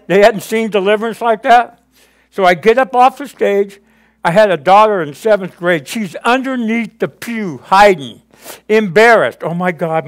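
Preaching a sermon, this pastor uses a high, light voice to tell his own story in a vivid, animated way, performing his earlier conversations with God. He repeatedly throws quick questions out to the congregation.

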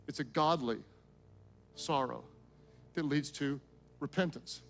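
A man preaching a sermon as pastor, swinging between loud emphatic lines and hushed, quiet passages. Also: medium pitch, unhurried, long pauses. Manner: acts out quoted prayers and dialogue in his own voice.

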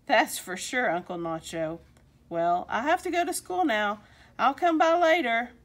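A woman voicing an excited young schoolgirl visiting her uncle. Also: a little high, a little slow. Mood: cheerful. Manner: bright, excited calling out. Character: cheerful young schoolgirl niece.

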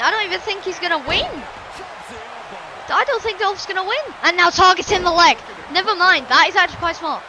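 Very high-voiced excitable woman commentator. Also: background noise. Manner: shouts and gasps at big moments, rambling asides. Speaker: gamer commentating a wrestling game.

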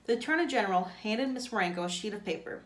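A woman's voice: mid-range voice, quick pace. Woman teacher reading a novel aloud. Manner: plain, steady reading. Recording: echoey room.

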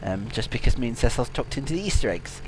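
A man hosting a comedic let's-play, excitable, silly and teasing as he talks over the game. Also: mid-range voice, quick pace, noisy background. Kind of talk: comedic gaming commentary.

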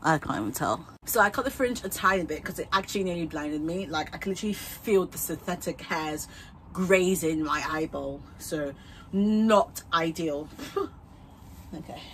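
A woman's voice: low-pitched, animated, moderate pace, a bit bright, slight background noise. A young woman vlogger chatting casually while trying on wigs at home, bubbly and rambling, laughing often and swearing freely.

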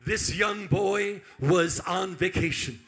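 Male preacher, high bright tone, shouts short lines for an interpreter, rallies the crowd. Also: slow. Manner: shouting, leads crowd call-and-response. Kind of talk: sermon storytelling through an interpreter.

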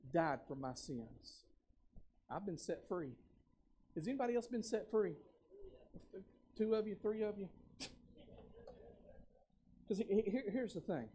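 A man pastor preaching a sermon, moving between loud exhortation and quiet casual asides, repeating words and calling the congregation to respond. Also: high-pitched, slightly rough. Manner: uses casual everyday speech.

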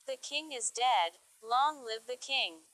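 A woman's voice: a little high, expressive, slow, fairly bright tone. A woman voicing a proud, ambitious male tiger in a storybook fable. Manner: proud, commanding.

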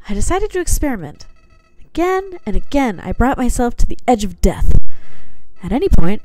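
A woman's voice: on the high side, mellow, dry recording, pitched above the performer's own voice. A woman reading game dialogue aloud, putting on a voice for a sinister, soulless talking flower that is cold and manipulative. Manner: reads game dialogue aloud in a put-on voice, slightly theatrical.

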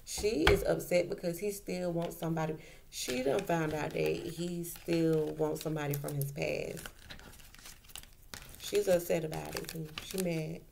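A woman's voice: low-pitched, steady tone, measured pace, creaky, noisy background. A woman doing a casual tarot reading, talking in a colloquial way and repeating her points for emphasis. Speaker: tarot reader.

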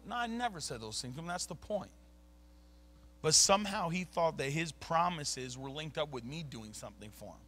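A man's voice: a little high, expressive, moderate pace, a bit bright. A man preaching a sermon as a pastor, emphatic and conversational, dropping casual slang between points. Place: church sanctuary.

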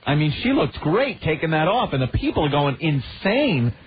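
A man hosting a radio show, ranting in casual chat with a mocking, animated manner. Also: a little high, normal speed. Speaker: radio host. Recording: muffled radio broadcast with faint hiss.

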